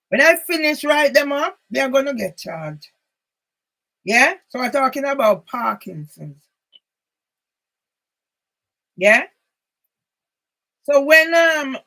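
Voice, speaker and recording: A woman's voice: a little high, gravelly, fairly bright tone, poor audio. A woman from Jamaica with a Jamaican accent, talking in a rambling, emphatic personal monologue that drifts into patois. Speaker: channel host.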